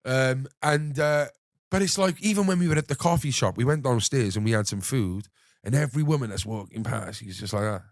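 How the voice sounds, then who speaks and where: A man's voice: medium pitch, brisk, no echo, clean studio sound. Young man telling a wild story. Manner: animated anecdote-telling, swears freely, acts out others' lines. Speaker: podcast host. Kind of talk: casual storytelling chat.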